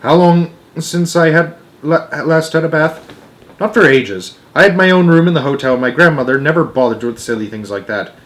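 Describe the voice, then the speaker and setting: A young man reading a children's novel aloud, expressive, with small slips and restarts. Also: on the high side, normal speed. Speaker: storyteller.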